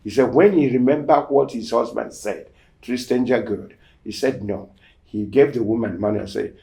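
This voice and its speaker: A man hosting a show, casually telling a testimony story and acting out the quoted dialogue, swinging between loud emphasis and near-whispered asides. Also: mid-range voice, normal speed, gravelly. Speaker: show host.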